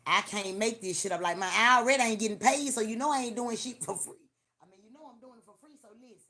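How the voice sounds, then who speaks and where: Woman, livestream host, casual storytelling, profane, animated, repeats herself. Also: fairly high pitch, fast. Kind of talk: casual storytelling to a live audience.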